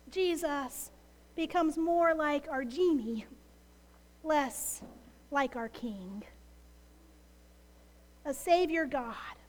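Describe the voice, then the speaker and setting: Woman pastor, very high voice, measured unhurried sermon delivery, acts out prayers, sinks to whispers; church hall reverb. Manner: animated, acting out quoted prayers, dropping to hushed whispers. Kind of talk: Palm Sunday sermon.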